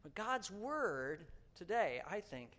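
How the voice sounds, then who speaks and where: A man's voice: high voice, sing-song, slow, fairly bright tone. A male pastor preaching a sermon, telling a story and repeating each point in a second language. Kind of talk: bilingual sermon.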